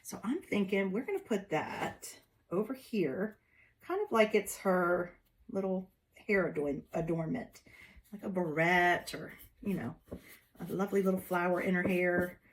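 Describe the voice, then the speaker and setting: A woman's voice: fairly low pitch, expressive, measured pace. Chatty woman doing a craft demo. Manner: chatty, folksy, talks to viewers as y'all. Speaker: craft tutorial host. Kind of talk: casual step-by-step craft demo.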